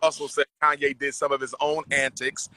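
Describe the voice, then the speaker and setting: A man preaching emphatically, bright and forceful. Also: mid-range voice, level tone, fairly quick. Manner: preacherly, emphatic, repeats phrases. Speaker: host. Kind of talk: casual street interviews and commentary.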